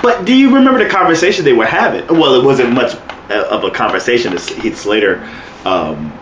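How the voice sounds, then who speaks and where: A man's voice: mid-range voice, lively intonation, a little fast, a bit bright, roomy sound, dull audio, slight background noise. A man co-hosting a wrestling podcast in casual chat, talking profanely and acting out quotes with laughs. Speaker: podcast co-host.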